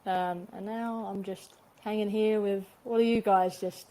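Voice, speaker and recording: A woman's voice: medium pitch, fairly even intonation, mellow. A woman from England with a North London accent, a guest chatting casually and laughing on a podcast. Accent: English, North London area. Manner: laughing, self-deprecating, quick. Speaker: guest, police dog decoy instructor.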